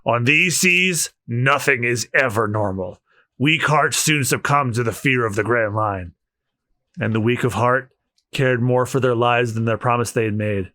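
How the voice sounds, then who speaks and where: A man voicing a weary old lighthouse keeper, reading a comic aloud in a low, slow, solemn voice. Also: sharp tone, dry recording, clean studio sound.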